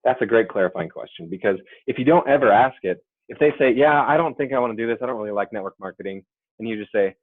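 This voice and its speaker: A man's voice: lowish voice, fast talker, no echo. A man giving a sales training webinar in a conversational way, often checking in with "right?" and "okay?". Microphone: computer or headset mic on a webinar. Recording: dry, phone-like webinar audio.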